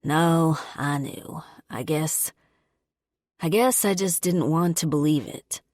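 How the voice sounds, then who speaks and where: Audiobook: woman doing a gruff, blunt young biker guy, slow and low. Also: darkish tone, no room sound, studio quality. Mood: serious.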